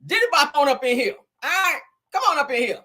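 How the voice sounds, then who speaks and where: A man voicing a big, crude male prison inmate who croons in a slow, seductive way. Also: very high-pitched, lively intonation, sharp tone, pitched above the performer's own voice, heavily acted. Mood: leering.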